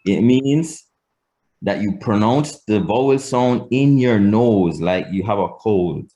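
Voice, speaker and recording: A man's voice: lowish voice, expressive, slow, dark tone. A man giving a spoken language lesson, explaining pronunciation step by step and modeling each sound aloud. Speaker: language teacher.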